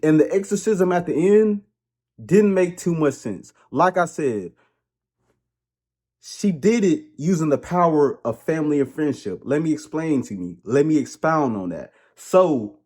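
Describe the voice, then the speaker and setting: A man giving a casual comedic movie review, rambling, joking and ranting in an animated way. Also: on the high side, measured pace.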